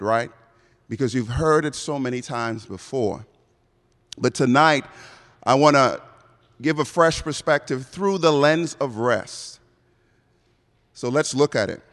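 Male pastoral preacher, semi-Bahamian American accent, conversational sermon, reverberant church hall. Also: mid-range voice. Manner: conversational, asks the congregation questions. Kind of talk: evening sermon.

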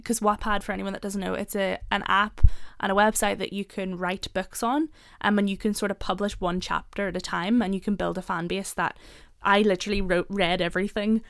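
A young woman with a Northern Irish accent that drifts a little American, chatting on a podcast with quick asides and frequent laughs. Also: medium pitch, fairly even intonation, vocal fry, fairly bright tone, no room sound, clean studio sound. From Northern Ireland. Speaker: podcast co-host. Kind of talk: casual podcast chat.

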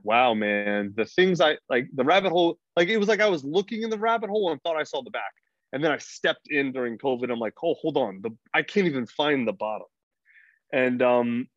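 A man's voice: mid-range voice, no room sound. A middle-aged American man talking bluntly and profanely as a podcast guest, rambling through his points with frequent restarts. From United States. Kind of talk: freewheeling casual conversation. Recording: dry, dull lo-fi sound.

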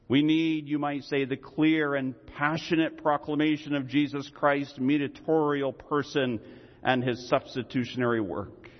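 A man preaching a sermon as pastor, with emphatic delivery and deliberate dramatic pauses. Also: a little high, steady tone, big-room sound, highs cut off.

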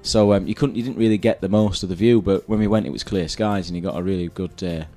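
A man's voice: deep voice, fast talker, warm tone, soft background music. A man from England co-hosting a radio show in a small studio, chatting casually and rambling through stories with restarts. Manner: rambling, self-interrupting storyteller. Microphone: studio mic with headphones.

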